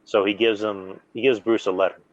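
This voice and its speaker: A man with a fairly low voice hosts a laid-back podcast. He rambles eagerly through plot recaps, piling on fillers. The sound is dry and a bit muffled. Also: brisk, no room sound. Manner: rambling, animated fan recounting plots with many fillers. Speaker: podcast host. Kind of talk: casual chat.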